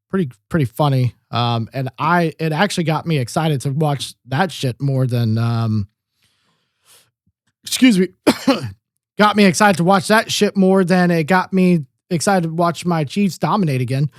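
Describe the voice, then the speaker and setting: A man with a notably high voice rambles through casual sports chat, swearing freely and leaning on "um" and "like". His voice is recorded up close and dry, with no room sound around it. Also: expressive, unhurried, dry recording. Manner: profane, rambling, lots of fillers. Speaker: podcast co-host.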